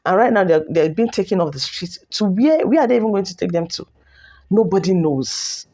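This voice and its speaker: A woman hosts a commentary channel, giving opinionated takes as she scolds and mocks with lots of repetition. Her low, mellow voice is animated and a little fast.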